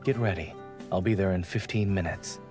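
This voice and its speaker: A man voicing a deadpan, deep-voiced young doctor. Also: natural voice. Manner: dry, deadpan, measured. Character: calm, reserved young male doctor. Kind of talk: voiced game dialogue. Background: game music.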